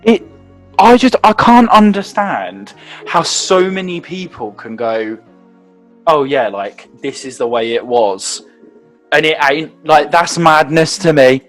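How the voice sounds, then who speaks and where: A man's voice: fairly high pitch, expressive, slow, faint music behind. A man co-hosting a casual chat, talking animatedly, laughing often and leaning on "like" as a filler. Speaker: co-host.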